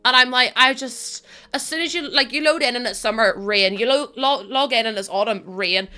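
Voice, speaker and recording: A woman's voice: on the high side, moderate pace, sharp tone. A woman with a Northern Irish accent chatting casually on a live stream, laughing often and thanking viewers by name. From Northern Ireland.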